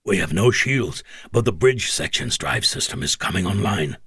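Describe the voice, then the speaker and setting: A man voicing an injured alien male junior officer in a low, guttural voice. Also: very animated, normal speed, fairly bright tone, slightly rough, dry recording, clean studio sound, full character voice. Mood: grim.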